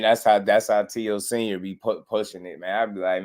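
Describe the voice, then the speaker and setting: A young man hosting a casual boxing livestream, animated and slangy, laughing often and mimicking people. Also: on the low side, a little fast, few pauses. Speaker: boxing commentary host.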